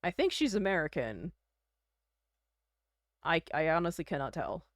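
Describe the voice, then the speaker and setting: A woman's voice: sits low, big pitch swings, normal speed, no room sound, studio quality. A young woman from Canada chatting casually on a livestream, rambling with lots of fillers and little laughs. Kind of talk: casual chat.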